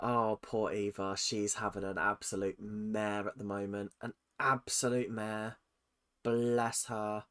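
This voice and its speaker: A man doing casual reaction commentary, excitable and quick to swear as he talks back at the screen. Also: on the low side, clean tone. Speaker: reaction channel host.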